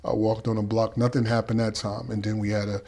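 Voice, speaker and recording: A man's voice: on the low side, flat delivery, brisk, a little mellow. A middle-aged man from Boston with a Boston accent, a podcast guest animatedly telling his story and acting out the voices of others. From Boston, Dorchester. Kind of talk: storytelling interview.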